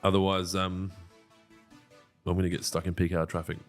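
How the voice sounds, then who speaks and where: A man's voice: low-pitched, flat delivery, moderate pace, faint music behind. A man co-hosting a casual podcast, joking and swearing freely. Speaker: podcast co-host. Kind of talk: casual banter.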